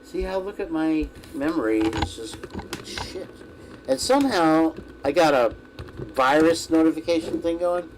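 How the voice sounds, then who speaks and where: A man's voice: a little high, expressive, a little slow, slight background noise, poor audio. A man hosting a casual livestream who wanders from topic to topic, swears freely and keeps losing his train of thought. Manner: meandering, profane, loses his train of thought. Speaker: livestream host. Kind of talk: rambling casual livestream chat.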